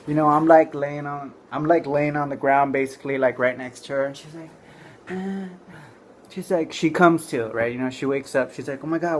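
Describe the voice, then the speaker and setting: A man's voice: fairly high pitch, a little hiss or hum. A man telling a comic story to camera, rambling and full of "like" and "you know". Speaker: comedian storyteller.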